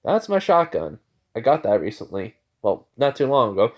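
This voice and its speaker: A man's voice: medium pitch, very animated, normal speed, muffled recording, close to an everyday voice. Offhand boyish teen ninja , a man putting him on, rambling, near his own voice. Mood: casual.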